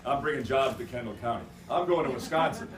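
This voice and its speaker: A man, a governor, giving a rousing political stump speech in a restaurant function room, emphatic and repetitive, building to loud rallying cries. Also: medium pitch, fast talker, slight background noise. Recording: echoey room, mic at a distance.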